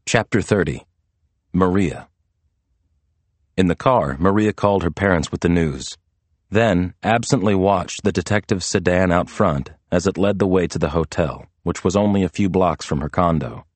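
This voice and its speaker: A man reading an audiobook in scripted narration, with an even, measured delivery. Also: low voice, no echo.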